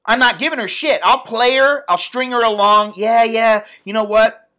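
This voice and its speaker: A man's voice: very high voice, fairly even intonation, normal speed, bright, forceful tone. A man from the United States ranting bluntly and profanely in a casual vlog. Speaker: expat vlogger.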